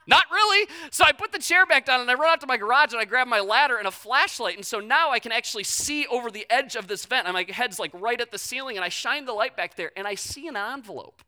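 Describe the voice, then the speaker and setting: A young man preaching, a pastor telling a personal story in a blunt, animated way. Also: extremely high pitch, quick pace, few pauses.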